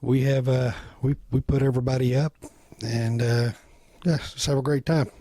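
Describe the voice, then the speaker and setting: A man's voice: medium pitch, fairly even intonation, moderate pace, warm tone. A man hosting a casual interview for his shop's channel, friendly and chatty, with plenty of fillers. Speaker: shop owner and show host.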